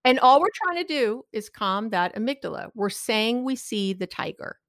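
A middle-aged woman giving advice in a lively conversational way, acting out what people say with big swings in her voice. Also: fairly high pitch, moderate pace, no room sound, studio quality. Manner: expressive, acts out quoted voices with big swings. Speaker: guest expert.

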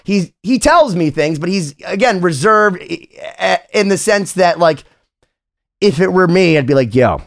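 A man hosting a podcast, talking in an animated, rambling way with casual swearing. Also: sits high, measured pace, creaky. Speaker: podcast host.

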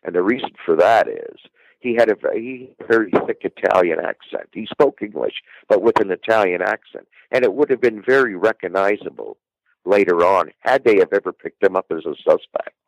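A man's voice: low voice, brisk, gravelly, dry recording, low-quality recording. A man telling the story of an old murder as a podcast guest, rambling with fillers and restarts. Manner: rambling, repeats words and restarts, many uh fillers. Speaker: guest true-crime researcher.

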